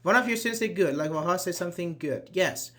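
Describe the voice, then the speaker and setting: A man's voice: high-pitched, lively intonation, fast, fairly bright tone. A man teaching an online English grammar class, reading example sentences aloud and quizzing his students.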